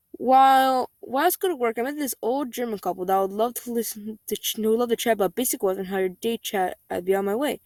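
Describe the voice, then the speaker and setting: Woman reading a reddit story, kinda high voice, ranty and chatty, dry close mic. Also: darkish tone, dry recording. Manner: chatty, many "like" fillers, exasperated rants. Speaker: story reader. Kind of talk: casual story reading and ranting.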